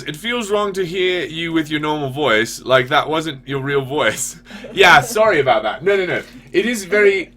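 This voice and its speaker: A man, a parent, talking casually as host of his own commentary stream, animated and often restarting his sentences. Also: fairly high pitch. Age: adult parent. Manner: animated, self-interrupting, frequent restarts.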